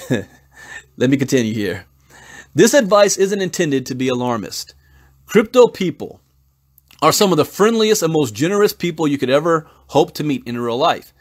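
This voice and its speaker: A man in his forties hosting a crypto channel. He reads an article aloud and breaks off into rambling, thinking-out-loud asides and stories, with frequent restarts and chuckles. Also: fairly high pitch, big pitch swings, normal speed, pauses often. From United States. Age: 40s. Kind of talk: casual commentary, reading an article aloud and breaking off to tell stories.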